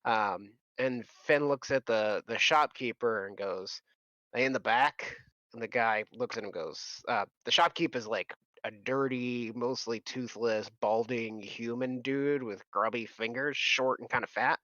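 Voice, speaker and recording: A man's voice: medium pitch, measured pace, bright, forceful tone, no room sound. Guy game master rambling thru a scene, laughing a lot, dry dull lo-fi call audio. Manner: loose, rambling narration with frequent laughs and restarts. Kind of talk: narrating a tabletop game.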